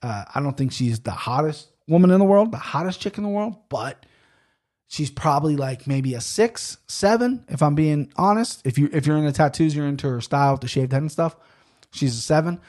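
A man's voice: on the high side, expressive, a little fast, a little mellow. A man hosting a podcast, rambling in casual solo talk with many fillers and restarts. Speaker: podcast host.

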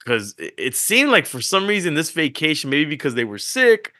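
A middle-aged man on a podcast, telling family stories in an animated way and acting out what his wife and kids said. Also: fairly high pitch, moderate pace. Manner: animated storytelling, acts out family quotes. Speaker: podcast co-host. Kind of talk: casual chat.

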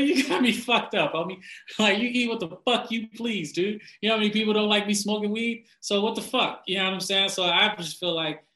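A man ranting casually and bluntly, swearing constantly, laughing often and getting animated when he mocks people. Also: high voice, reverberant, low-quality recording. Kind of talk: casual profane rant.

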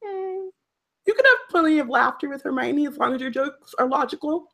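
A woman's voice: sits high, quick pace, creaky. Chatty woman podcaster, says like a lot, acts out quotes, teases her cohost. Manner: animated and teasing, full of "like", acts out quoted voices. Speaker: podcast co-host. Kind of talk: casual chat.

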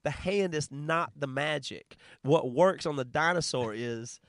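A man's voice: a little high, measured pace, a bit bright, dry recording, clean studio sound. Joking man in casual chat. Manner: joking, mock-earnest pep talk. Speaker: podcast co-host.

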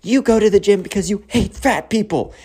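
Brief: shrill, scheming teen girl in a loud whisper, put on by a man. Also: moderate pace, lightly acted. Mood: accusing. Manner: high hissing whisper-yell, accusatory.

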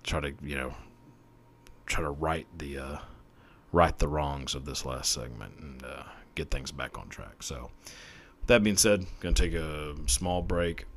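A man's voice: rumbling low, unhurried, creaky, fairly bright tone, slight background noise. A young man hosting his own podcast, talking alone in a rambling, profane, self-mocking way, laughing often. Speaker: podcast host. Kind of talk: casual solo podcast monologue.

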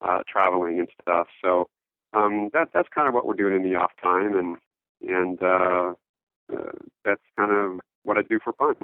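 Interview guest: man on a phone line, lowish voice, halting and full of fillers. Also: no echo. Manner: halting, many fillers and restarts. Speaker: interview guest, note investor. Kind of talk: casual interview talk.

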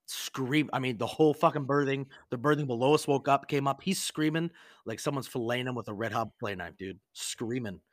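A man's voice: medium pitch, a little fast, no echo, studio quality. A man casually telling a crude prank story on a podcast, rambling and profane, full of "like" and acted-out quotes.

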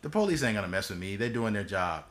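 With a fairly low, expressive voice and a quick pace, a man in his thirties hosts a podcast and shares his story. He speaks with blunt passion and swearing, keeping the chat casual.

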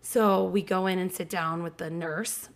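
A woman in her thirties, hosting a podcast, telling a candid personal story in casual chat. She talks in an animated way, swears freely, and acts out the people she quotes. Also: lowish voice, a little slow.

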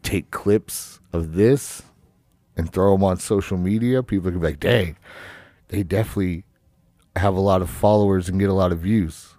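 A man co-hosting a podcast in relaxed, rambling chat with lots of fillers and some vocal fry, on a studio microphone. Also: low-pitched, moderate pace, dry recording. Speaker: podcast co-host.

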